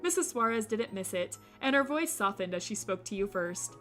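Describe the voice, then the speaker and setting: A woman streamer reading a visual novel aloud, breaking off for animated, jokey commentary. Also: medium pitch, moderate pace, hardly any pauses, soft background music. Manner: animated, jokey asides with laughter.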